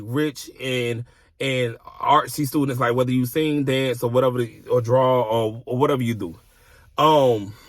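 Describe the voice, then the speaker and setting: A man's voice: a little high, a bit bright, dry recording. A man telling a personal story in a casual vlog from his car, blunt, exasperated and heavy on profanity.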